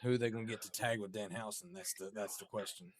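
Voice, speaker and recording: A man co-hosting a casual wrestling chat, giving quick, halting, easygoing replies. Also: fairly low pitch, steady tone, noisy background. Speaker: co-host.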